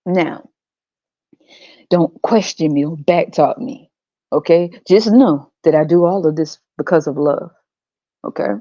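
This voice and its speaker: A woman's voice: low-pitched, a little slow, pauses often, mellow, dry recording, dull audio. A woman doing a swaggering, trash-talking God. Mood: preachy mocking. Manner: swaggering slangy trash talk, teasing and blunt. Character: brash, mocking male God sending a soul to earth. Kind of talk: comedic podcast skit.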